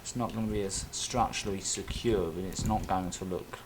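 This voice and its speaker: A man's voice: low-pitched, fairly even intonation, moderate pace, background noise. Rambling man streaming a game. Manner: rambling, thinking aloud with self-talk and tangents. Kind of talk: casual live-stream commentary while playing.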